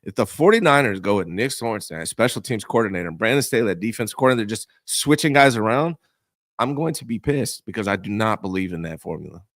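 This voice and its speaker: A man's voice: on the low side, expressive, fast talker, a bit bright, no echo, studio quality. A young man co-hosting a casual sports talk show, talking emphatically with casual slang and strong opinions. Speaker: co-host.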